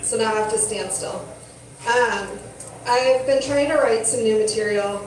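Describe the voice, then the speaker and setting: A woman doing stand-up in a halting, dry, unhurried way. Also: a little high. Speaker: stand-up comedian. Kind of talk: stand-up set. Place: comedy club stage. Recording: echoey club, distant mic, room noise.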